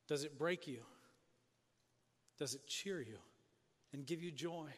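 A man preaching a sermon as pastor, earnest and questioning, often dropping soft and low for emphasis. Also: slow pace, long reverb tail.

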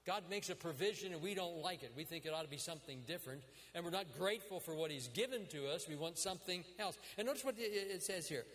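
A man's voice: high-pitched, expressive, fast talker, hardly any pauses, fairly bright tone. Male preacher, earnest and dramatic in his retelling, voice ringing with long reverb. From United States. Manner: earnest storytelling with dramatic quoted prayers. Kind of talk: sermon.

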